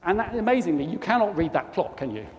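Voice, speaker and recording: A man's voice: sits high, sing-song, fast, darkish tone. A man with a South East English accent giving an informal talk to a church congregation as a guest speaker, chatty and forever asking the room tag questions. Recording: long church reverb, faint noise.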